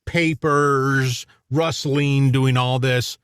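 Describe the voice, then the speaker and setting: A man with a low voice that swings up and down as he talks, co-hosting a casual radio talk show. He sounds opinionated and chuckles often, and his voice is close and dry with no room echo. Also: expressive, measured pace, fairly bright tone.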